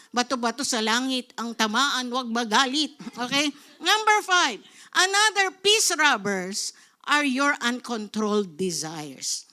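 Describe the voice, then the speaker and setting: A middle-aged woman pastor with a Filipino accent, preaching a sermon in a lively way and calling out "Amen?" to the congregation. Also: fairly high pitch. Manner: lively preaching, switching into Tagalog, calls of "Amen?".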